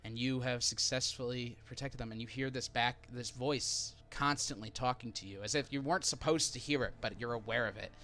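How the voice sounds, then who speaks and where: A man's voice: medium pitch, bright, forceful tone. A man narrating as dungeon master, describing scenes and prompting players. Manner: brisk, plain narration with asides to players. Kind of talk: narrating a tabletop game.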